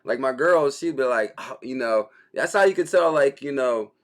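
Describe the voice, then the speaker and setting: A man's voice: medium pitch, expressive, moderate pace. Laid-back slangy man hosting a crypto stream. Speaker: crypto livestream host. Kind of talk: casual livestream chat, reading viewer comments.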